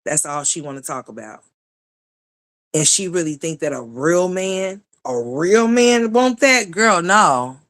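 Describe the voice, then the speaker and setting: A woman's voice: fairly low pitch, animated, a little slow, fairly bright tone, no echo. A woman hosting reaction commentary, blunt and profane, firing off rhetorical questions. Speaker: commentary channel host.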